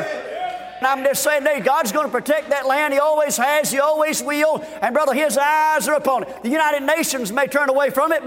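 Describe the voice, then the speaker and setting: A man preaching a fervent revival sermon, shouting and repeating his refrains, recorded at a conference. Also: very high-pitched, big-room sound. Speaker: guest preacher.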